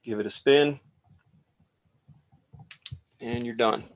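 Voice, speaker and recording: A man casually talking through a fly tying demonstration as he works, relaxed and rambling. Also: mid-range voice, slow pace, dull audio, a little hiss or hum. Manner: relaxed, rambling, talks while working.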